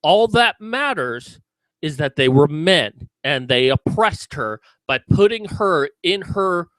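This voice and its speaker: A man's voice: on the high side, animated, measured pace, a bit bright, no echo. A man giving sarcastic, mocking commentary in a video about a news story.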